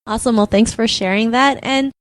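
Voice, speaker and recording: A woman hosting an interview, asking questions and affirming her guest's answers. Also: a little high. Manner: warm and affirming, quick praise. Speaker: podcast host. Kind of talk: casual interview chat.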